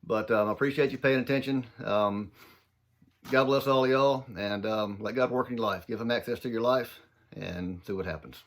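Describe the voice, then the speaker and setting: A man from southern Mississippi speaks in a thick Southern accent. He gives an earnest, folksy faith talk, talking fast and loosely, with some words run together and some restarted. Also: medium pitch. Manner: earnest, folksy, addresses listeners as y'all. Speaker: Christian speaker.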